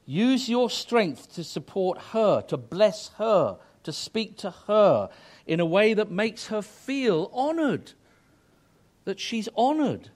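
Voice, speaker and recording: A man's voice: high voice, big pitch swings, slow pace, a little mellow. A middle-aged man preaching a sermon to married couples, earnest and emphatic, rising to fervent exhortation.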